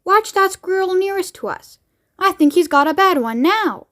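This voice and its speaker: A woman voicing a brisk, eccentric grown man who makes chocolate, urging everyone along in a bouncy storybook reading. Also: very high voice, animated, fairly bright tone, pitched above the performer's own voice. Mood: explaining.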